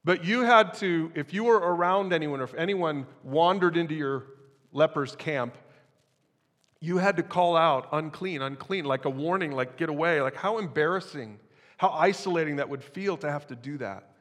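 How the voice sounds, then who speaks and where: A man's voice: on the high side, moderate pace, a bit bright, big-room sound. A man preaching a sermon as pastor, in a conversational style with casual asides to the congregation.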